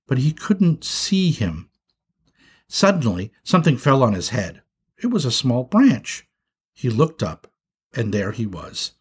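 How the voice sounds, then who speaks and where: A man narrating a children's story with an expressive, animated reading. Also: medium pitch, breathy edge.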